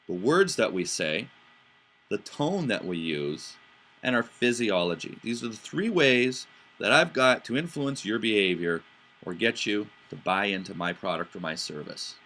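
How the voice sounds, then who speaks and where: A man's voice: lowish voice, pushed and bright. A man hosting a podcast in a casual explanatory talk. He speaks with animation, stumbles into restarts, and acts out voices and inflections to make his points. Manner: frequent fillers and restarts. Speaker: podcast host.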